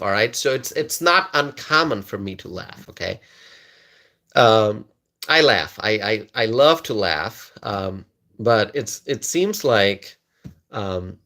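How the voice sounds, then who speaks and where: A man hosting a casual political live stream, chuckling often as he talks. He stumbles over and repeats words as he reads viewer comments aloud, in a voice of middle pitch. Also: fairly bright tone. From United States.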